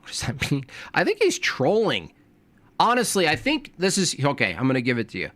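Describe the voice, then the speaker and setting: A man doing casual reaction commentary. His pitch swings widely as he rambles through sarcastic asides, and his voice is dry and close. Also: huge pitch swings, a little fast, fairly bright tone, no echo. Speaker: streamer reacting to a video.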